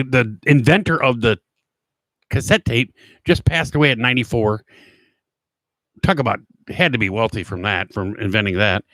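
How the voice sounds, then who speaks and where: A man's voice: mid-range voice, fairly bright tone, no room sound. Rambling middle-aged man telling stories. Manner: rambling and anecdotal, with frequent fillers and restarts. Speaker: talk show host; former police officer. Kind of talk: casual storytelling monologue.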